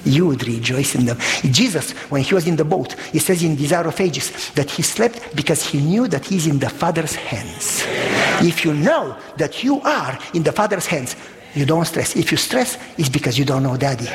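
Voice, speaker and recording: A man preaching with a high, lively voice that swoops up into exclamations and acts out the people in his stories. His sermon rings through a church hall with a long echo trailing behind each phrase. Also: normal speed, a crowd in the background.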